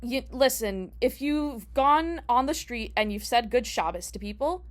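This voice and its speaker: A woman's voice: high voice, expressive, measured pace. A young woman teaching a casual lesson as a rabbinical student, chatty, asking herself rhetorical questions and restarting her phrases.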